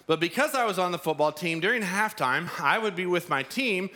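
A man's voice: high-pitched, lively intonation, a little fast, bright, forceful tone. A man preaching a sermon as pastor, telling a personal story with acted-out quotes. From Arizona.

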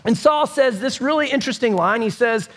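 A man's voice: extremely high pitch, expressive, brisk, fairly bright tone. A man preaching a sermon as pastor, telling the story casually with asides to the congregation. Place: church. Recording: long hall reverb.

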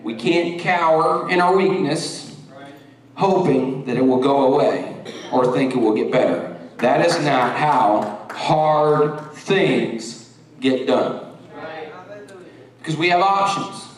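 A middle-aged man preaching a sermon, rambling through stories and then rising into forceful preaching. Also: mid-range voice, slow. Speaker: pastor. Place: church sanctuary. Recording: echoey church hall from far off.

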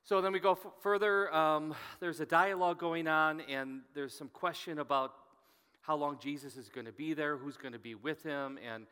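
Male pastor, bright forceful voice, storytelling sermon, reads scripture with rising emphasis, long hall reverb. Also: fairly high pitch, fairly even intonation, normal speed, clear, resonant tone.

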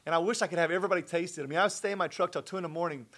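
A middle-aged man telling a personal faith story as a guest in conversation, earnest and animated. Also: fairly high pitch, very fast. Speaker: guest sharing his testimony.

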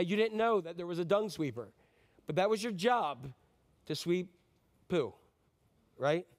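A male pastor preaches a Christmas sermon with a notably high voice. His talk is loose and conversational, full of jokes and questions to the congregation. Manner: conversational and joking, asks the audience questions.

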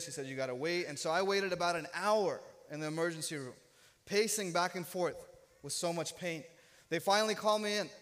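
A man's voice: a little high, fairly bright tone, smooth. A man in his thirties preaching a sermon as a pastor, telling a personal story with humor and self-deprecating jokes. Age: 30s. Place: church sanctuary. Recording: long reverb of a church hall.

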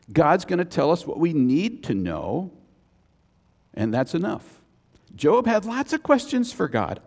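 A man's voice: on the high side, vocal fry, darkish tone. A man preaching a sermon as a pastor, conversational, with chatty asides between points. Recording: long reverb of a church hall.

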